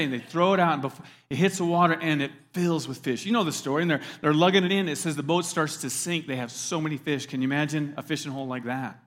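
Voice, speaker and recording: A man's voice: on the high side, fast talker, hardly any pauses, fairly bright tone. A man preaching a sermon in a conversational, emphatic way, turning to the audience with questions. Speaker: pastor.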